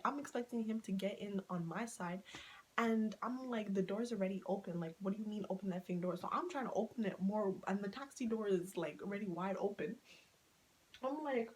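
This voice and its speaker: A woman talks straight to her followers in a casual storytime. Her delivery is animated and full of swearing, and she keeps acting out the lines of the people in her story. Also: mid-range voice, poor audio. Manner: animated, swears freely, laughing, acting out quotes. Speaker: storytime vlogger.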